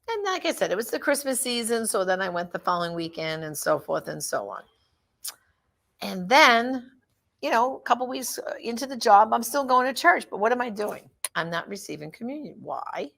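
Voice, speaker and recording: A woman's voice: mid-range voice, creaky, fairly bright tone. A middle-aged woman giving a casual personal testimony, telling her story and acting out the voices of the people in it. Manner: storytelling, acts out quoted voices.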